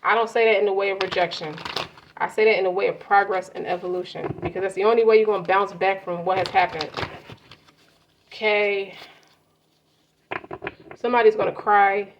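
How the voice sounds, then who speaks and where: A woman's voice: mid-range voice, fairly even intonation, moderate pace, pauses often. A woman giving a casual tarot card reading, talking loosely with slang and swearing. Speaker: tarot reader. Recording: muffled lo-fi audio with faint noise.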